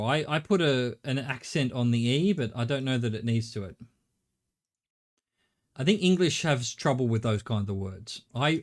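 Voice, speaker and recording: A middle-aged Australian man talks through a live game stream. He thinks out loud, chats with his viewers and swears casually. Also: mid-range voice.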